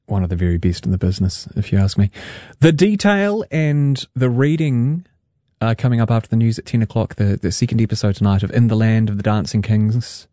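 A man's voice: lowish voice, brisk, warm tone, no room sound, studio quality. A man hosting a radio interview, enthusiastic and effusive with his praise. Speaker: radio host.

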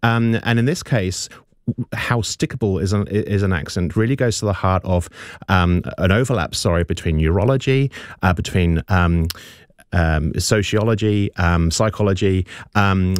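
A man with an English accent, a linguist on a radio panel, explaining eagerly with many pauses and ums. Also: low-pitched, clean tone, no echo, clean studio sound. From England. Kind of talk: casual radio panel chat. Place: radio studio.

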